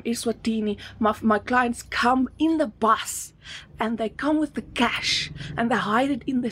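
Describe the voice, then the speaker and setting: South african woman, live sales pitch, emphatic and repetitive, higher-pitched, faint background hiss. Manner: emphatic, repeats words over and over. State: slightly out of breath. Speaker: online business promoter.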